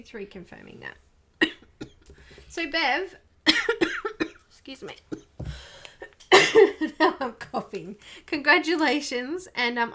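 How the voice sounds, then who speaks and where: A woman hosting a live coloring stream, murmuring quietly to herself as she works and chatting casually with viewers. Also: on the high side. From Australia. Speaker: livestream host.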